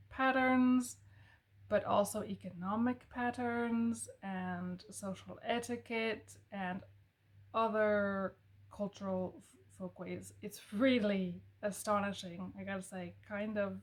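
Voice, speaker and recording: A woman casually talking through a history book she recommends, thoughtful and musing, pausing with fillers and correcting herself. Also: medium pitch. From American South family. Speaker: book reviewer.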